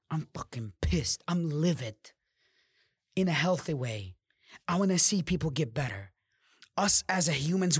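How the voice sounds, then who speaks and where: A man's voice: dry recording, clean studio sound. Profane fired-up male podcast host. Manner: profane, fired-up preaching with sudden drops to low growls. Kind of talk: motivational monologue.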